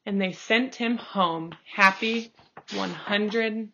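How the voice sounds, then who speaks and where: A woman reading a picture book aloud, slow and expressive, calling out the page turns. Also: medium pitch, a little hiss or hum. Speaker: storybook reader. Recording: dull lo-fi recording.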